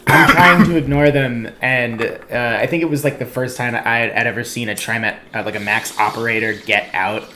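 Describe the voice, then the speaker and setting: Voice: mid-range voice, steady tone, moderate pace, few pauses, pushed and bright. A comedian tells a story in a loose chat, dropping wry asides. The voice sits in a middle register. Faint background noise runs under it.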